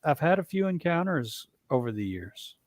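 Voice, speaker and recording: A man's voice: a little high, sing-song, no echo. Man recounting an encounter, dry sound. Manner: halting, with frequent restarts and "you know". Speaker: guest, Bigfoot researcher. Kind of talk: storytelling in a casual interview.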